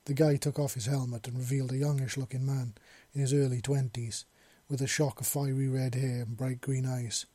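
A man narrating a story in a steady storytelling manner. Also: mid-range voice, brisk, hardly any pauses, no echo. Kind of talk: audiobook narration of fan fiction.

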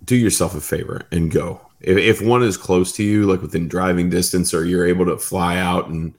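Deep-voiced, rambling man. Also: fairly even intonation. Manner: rambling, halting, many fillers. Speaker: podcast co-host. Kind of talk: casual chat.

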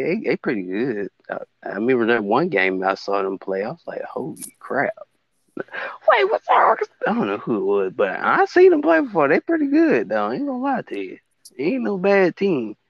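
A young man from Alabama with a Southern accent, chatting casually on a podcast, excitable, laughing often and jumping into high shouts. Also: dry recording. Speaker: podcast co-host. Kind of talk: casual chat. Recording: dry dull lo-fi mic.

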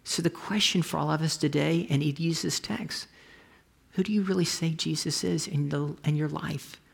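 A pastor preaching a conversational, storytelling sermon, often restarting phrases and dropping to a soft whisper for emphasis. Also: mid-range voice, steady tone, normal speed, creaky, slightly rough, big-room sound. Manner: frequent restarts and trailing phrases.

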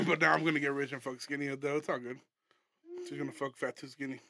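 A man's voice: fairly high pitch, fast, creaky, fairly bright tone, no room sound. A young man hosting a casual comedy podcast, rambling, profane and laughing often. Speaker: podcast host.

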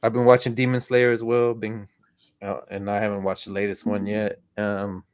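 Guy with a lowish voice, kinda hesitant, lots of ums, dry sound. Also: flat delivery, normal speed, clear, resonant tone, no room sound. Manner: hesitant, many fillers. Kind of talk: casual chat.

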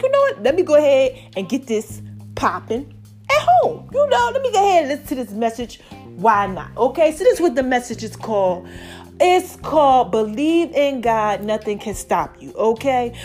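A woman vlogger and podcast host chatting casually to her viewers, animated and talkative, tossing in "y'all" and "okay?". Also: sits high.

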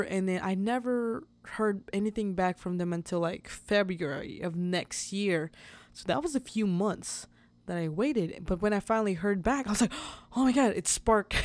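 A woman hosting a podcast, telling a personal story in a chatty, animated way, laughing often and acting out the dialogue. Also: mid-range voice, dry recording. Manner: chatty with many fillers and restarts. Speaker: podcast host. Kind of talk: casual storytelling.

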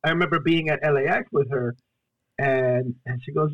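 A young man from Guatemala, a storyteller and solo performer, telling his own story as a podcast guest in an earnest, halting way. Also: on the high side, no room sound, narrow, tinny audio. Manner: earnest, halting, acts out his own past pleas and quotes. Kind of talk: emotional personal storytelling in a podcast interview.

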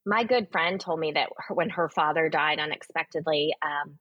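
Husky-voiced woman telling stories earnestly. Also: deep voice, normal speed, dry recording, lo-fi sound. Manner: earnest, emphatic storytelling with fillers. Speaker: guest author. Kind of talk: candid podcast conversation.

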